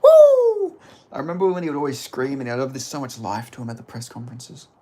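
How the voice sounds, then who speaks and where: A man's voice: medium pitch, racing, a little mellow. A man chatting casually as a streamer, loose and rambling, with some swearing. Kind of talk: casual chat.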